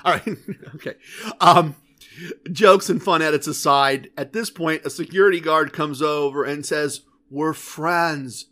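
High-pitched guy hosting a podcast, chatty, wry, laughs at his own story. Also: a little slow, sharp tone. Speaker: podcast host.

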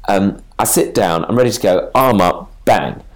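A man chatting casually as a podcast co-host, laughing often and throwing in quick asides. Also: on the low side. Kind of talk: casual chat.

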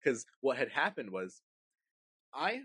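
A man's voice: mid-range voice, sing-song, takes it slowly, a bit bright, slightly rough, no room sound. A man telling a story in a casual, profane chat, acting out his parents and his younger self with animation.

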